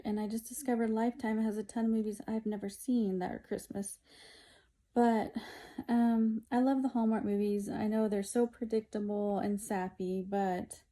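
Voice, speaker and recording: A woman chatting casually in a home vlog, unhurried and full of fillers, playfully scolding her cat. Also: medium pitch, dark tone. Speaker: vlogger. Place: at home indoors.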